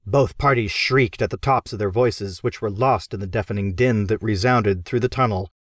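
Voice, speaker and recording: A man narrating an audiobook in a lively, expressive storytelling manner. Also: on the low side, normal speed, no echo, clean studio sound.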